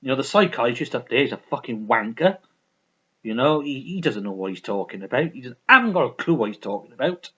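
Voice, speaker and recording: Man, vlogger, heated rant, swearing, lively pitch, dull recording. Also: a little fast, husky. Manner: heated, swearing, repetitive restarts. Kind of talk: ranting vlog monologue.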